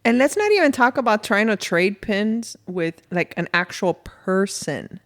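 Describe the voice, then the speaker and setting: A woman co-hosting a podcast, chatting casually and acting out quotes in animated, playful storytelling. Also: mid-range voice, a little slow. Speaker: podcast co-host. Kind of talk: casual chat.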